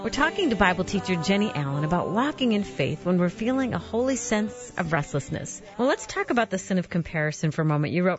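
A woman's voice: on the low side, sing-song, fast, few pauses, dull audio, faint music behind. A woman hosting a faith radio interview, giving short affirming replies and reading program notes. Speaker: radio host.

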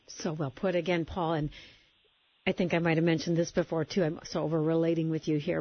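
Woman, low husky voice, earnest host, dull lo-fi sound. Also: no room sound. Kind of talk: faith conversation interview. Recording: dull lo-fi recording.

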